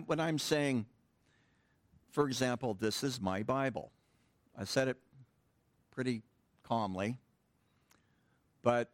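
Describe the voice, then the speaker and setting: Joking middle-aged pastor, dry close sound. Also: male voice, mid-range voice, dry recording. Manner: casual, joking asides with the congregation. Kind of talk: sermon with a Greek grammar lesson. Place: church sanctuary.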